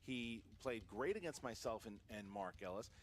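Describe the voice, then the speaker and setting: A man's voice: lowish voice, lively intonation, moderate pace, a little hiss or hum. A man commentating a trivia competition in wrestling-promo style, hyping up the storylines. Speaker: match commentator.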